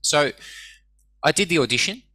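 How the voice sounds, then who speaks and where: A man's voice: a little high, moderate pace, no room sound. A man, a guest telling casual stories with lots of swearing and acted-out quotes. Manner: swearing, animated anecdotes acting out quoted voices. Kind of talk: casual storytelling.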